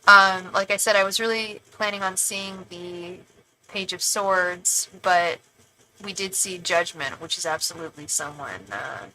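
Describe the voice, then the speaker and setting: A woman reads tarot live for her viewers, her voice bright and forward. She talks in a loose, reassuring way, stumbling over restarts and fillers and calling the viewer fond names as she goes. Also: fairly low pitch, measured pace, rough recording. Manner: affectionate asides to the viewer. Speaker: tarot reader and psychic. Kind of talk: live-stream tarot reading, reading viewer comments aloud.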